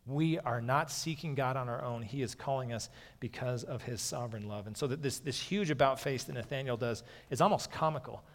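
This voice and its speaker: A man preaching a sermon in a relaxed, conversational way, often pausing to say "okay". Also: medium pitch, long reverb tail. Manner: conversational, frequently saying "okay". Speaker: pastor.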